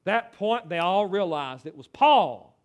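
A man preaching a sermon, swinging from loud dramatic pleading to hushed, low lines. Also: lively intonation, a little slow.

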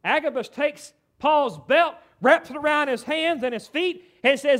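Male preacher, dramatic delivery, voice sits very high and ringing. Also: a little slow, hardly any pauses. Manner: dramatic, swings from shouting to hushed. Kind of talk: sermon.

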